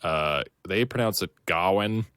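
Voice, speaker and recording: A man with a low, animated voice speaking at normal speed co-hosts a podcast in a casual, rambling way, full of fillers and restarts. The audio is dry and studio quality.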